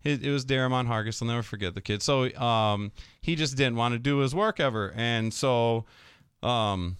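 A man's voice: medium pitch, normal speed, clear, resonant tone, dry recording, clean studio sound. A man who teaches middle school, telling stories in casual podcast chat and acting out his students' voices. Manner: animated storyteller, acts out students' voices.

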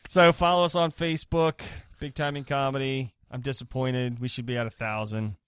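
A man's voice: mid-range voice, flat delivery, normal speed, a bit bright, smooth. A man co-hosting a comedy podcast, laid-back and joking, plugging upcoming shows and social pages. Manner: laid-back, plugs the show. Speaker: podcast co-host. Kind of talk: casual chat.

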